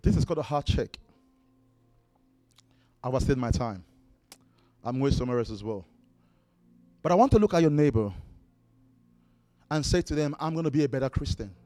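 A man's voice: medium pitch, lively intonation, moderate pace, long pauses, warm tone, dry recording. A man preaching a sermon, exhorting his congregation with repeated commands and breaking into worship singing. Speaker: pastor. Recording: dry close mic with worship music behind.

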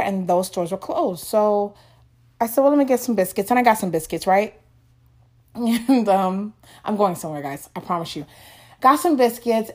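A woman in her thirties from the United States, chatting to viewers in a casual storytelling vlog, animated and often laughing as she talks. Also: mid-range voice. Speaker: vlogger.

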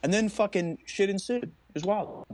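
A young man with a high-pitched voice speaks at a moderate pace while co-hosting an easygoing podcast. He recounts stories with animation, plenty of swearing, and acted-out quotes.

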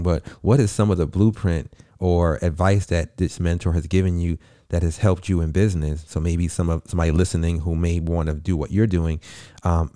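A man's voice: deep voice, dark tone, dry recording, studio quality. A man hosting a podcast, asking long encouraging follow-up questions. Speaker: podcast host. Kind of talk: interview questions.

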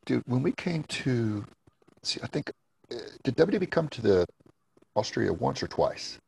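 A man's voice: medium pitch, sing-song, a little slow, gravelly, a little mellow, slightly rough, poor audio. A man as a podcast guest, telling stories in a laid-back, casual way, swearing freely and laughing between lines. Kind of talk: casual storytelling chat.

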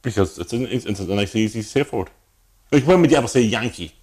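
A man's voice: lowish voice, animated, fast, a little mellow, slightly rough. A man co-hosting a podcast, rambling and laughing at his own jokes in casual chat. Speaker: podcast co-host.

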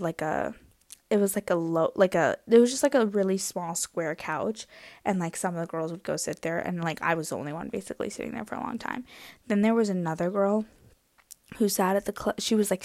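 A young woman hosting a podcast, telling a rambling story in a casual, animated way with lots of filler words. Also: medium pitch, no room sound, clean studio sound. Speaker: podcast host.

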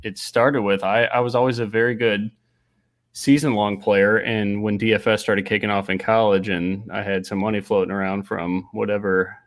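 Midwestern guy, young, low voice, laid-back podcast guest, self-deprecating. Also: flat delivery, moderate pace, no echo. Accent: Midwestern American. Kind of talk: casual podcast chat.

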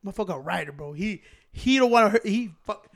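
A man telling a story in casual chat, profane and animated, switching between English and Spanish and acting out the people he quotes. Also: sits high, a little fast, gravelly, dry recording, clean studio sound. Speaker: podcast co-host telling a story.

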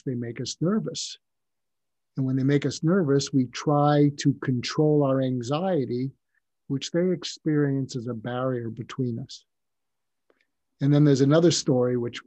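An older male psychiatrist telling personal stories in an interview, reflective and halting, often restarting his sentences. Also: mid-range voice, dark tone, dry recording. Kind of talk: personal storytelling in a conversational interview.

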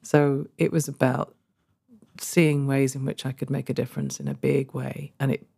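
A middle-aged woman telling a personal story in an interview, earnest and warm, laughing often and growing emotional. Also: extremely low pitch, little pitch movement, moderate pace, creaky, husky. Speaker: guest, former social care worker. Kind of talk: conversational storytelling.

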